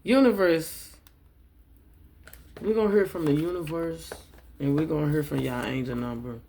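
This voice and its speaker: A woman's voice: deep voice, moderate pace, vocal fry, dark tone, slight background noise. A woman giving a tarot reading to her viewers, emotional and repeating affirmations as she speaks to them directly. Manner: addresses viewers as y'all. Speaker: tarot reader and coach.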